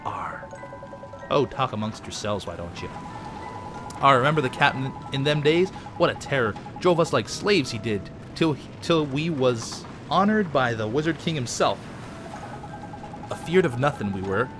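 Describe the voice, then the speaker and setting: A man's voice: mid-range voice, expressive, moderate pace, over music, close to an everyday voice. A man voicing a crew of ghostly male pirates with a growling, hammy drawl full of "arr". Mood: swaggering. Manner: hammy, playful over-acting.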